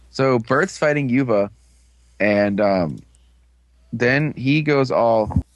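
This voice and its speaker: A man's voice: mid-range voice, expressive, very slow, dry recording, lo-fi sound. Rambling man with a dry, close sound. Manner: rambling, filler-heavy, amused retelling. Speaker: podcast co-host recapping an episode. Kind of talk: casual chat.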